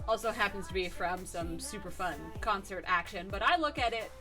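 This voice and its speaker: A woman's voice: mid-range voice, brisk, over music. A woman chatting on a live stream in a bubbly way, thanking viewers as she talks. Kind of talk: casual live-stream chat.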